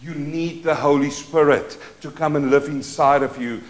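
A man preaching a sermon as pastor, leading call-and-response and moving between quiet asides and loud declarations. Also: a little high, steady tone, normal speed, reverberant. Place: church.

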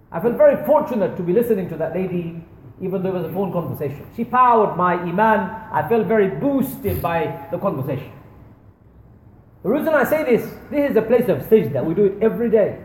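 A man's voice: high-pitched, big pitch swings, brisk, a little mellow. A man giving an earnest, storytelling charity appeal in a mosque. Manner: earnest storytelling, addressing brothers and sisters. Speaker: fundraising speaker at a mosque. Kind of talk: sermon-style charity appeal. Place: large echoey prayer hall. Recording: echoey hall with long reverb.

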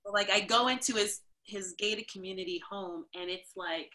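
A woman from New York, a dancer and podcast guest, telling lively stories in casual conversation and acting out the people she quotes. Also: moderate pace. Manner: animated, acts out quotes with big jumps in pitch. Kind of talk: casual storytelling interview.

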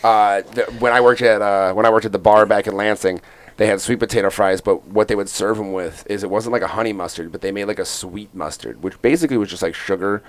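A man's voice: fairly low pitch, steady tone, fast talker. Rambling, joking young male podcast host. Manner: rambling, jokey, lots of fillers and restarts. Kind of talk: casual sports podcast banter.

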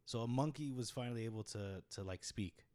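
A man's voice: mid-range voice, a little fast, noisy background. A man co-hosting a casual podcast who talks loosely and swears freely. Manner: casual, swears often, laughs between phrases. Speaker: podcast co-host. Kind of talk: casual chat.

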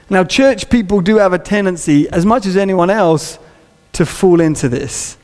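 A man's voice: high-pitched, moderate pace, a little mellow. A man preaching a sermon in a church, conversational and humorous, acting out little scenes. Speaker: pastor. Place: church auditorium. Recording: long reverb of a large hall.

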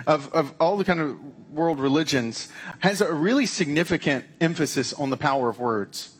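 A man's voice: fairly high pitch, breathy edge. A man preaching a conversational sermon, with frequent restarts and casual asides. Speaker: pastor.

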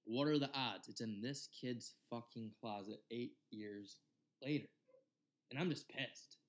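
A man's voice: medium pitch, measured pace. A young man in his twenties co-hosting a casual podcast and telling a story in loose, swear-filled speech full of "like" and "you know.". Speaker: podcast co-host.

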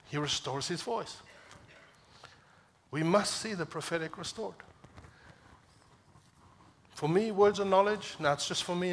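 Passionate male preacher. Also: fairly bright tone. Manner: passionate, rises to emphatic peaks and drops low when quoting scripture. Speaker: pastor. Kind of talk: sermon. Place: church.

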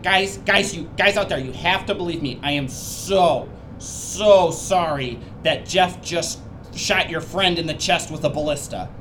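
A nervous goblin babbles apologies in a high, pleading voice, as a man puts it on. It grovels and tumbles over its own excuses, with a faint hiss of background noise under the table talk. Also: pushed and bright. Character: panicky apologetic goblin, fast-talking and grovelling.

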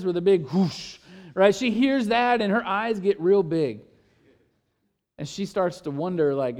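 High-voiced man preaching a sermon. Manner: repeats words and builds emphasis in lists; hushed when quoting scripture. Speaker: pastor.

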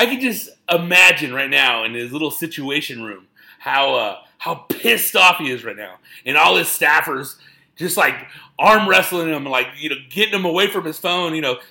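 A man riffing loosely on a podcast, rambling and joking and swearing freely. His voice is bright and edgy, with a gravelly grain running through it. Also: fairly high pitch. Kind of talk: casual podcast chat.

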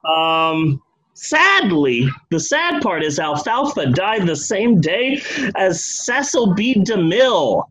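A man's voice: high voice, big pitch swings, slow pace, fairly bright tone, rough recording. A man casually telling a comic history story, loose and profane, slipping into the voices of the people in it.

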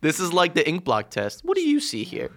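A man's voice: a little high, huge pitch swings, fairly quick. A man who is a guest on a casual podcast, playful and laughing easily as he trades jokes.

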